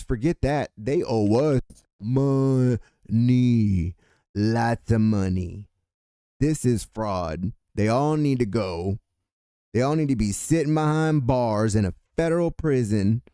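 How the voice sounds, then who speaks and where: Profane, ranting political host. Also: male voice, mid-range voice, dark tone, smooth, no echo, studio quality. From California. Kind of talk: angry political rant.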